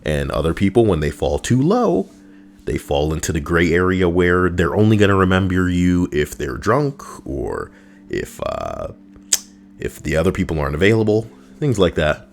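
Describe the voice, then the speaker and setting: A man's voice: deep voice, sing-song, moderate pace, vocal fry. A man giving crude, mocking comedic reactions to stories he reads out, ranting as he goes. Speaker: online commentator.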